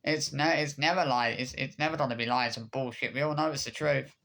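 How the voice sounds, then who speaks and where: Gravelly man ranting. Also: mid-range voice, sharp tone. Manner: furious, swearing, repetitive, hesitant restarts. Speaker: vlogger. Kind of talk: angry rant to camera.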